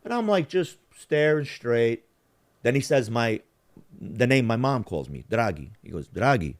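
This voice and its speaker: Speaking at medium pitch and an unhurried pace, a male podcast host recounts a story in loose, profane chat. He's lively, voicing what each person in the story said.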